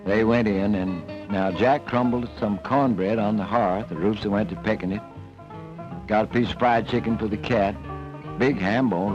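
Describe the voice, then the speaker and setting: A man telling a folk tale in a folksy, homespun drawl, from an old film soundtrack. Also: fairly low pitch. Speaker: storyteller. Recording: dull old film soundtrack, faint music.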